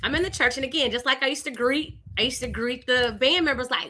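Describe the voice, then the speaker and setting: A young woman from Louisiana with a Southern accent, hosting a live stream and telling a personal story in an animated, conversational way. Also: high voice, a little fast, hardly any pauses. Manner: animated, conversational, with lively voiced greetings. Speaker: host.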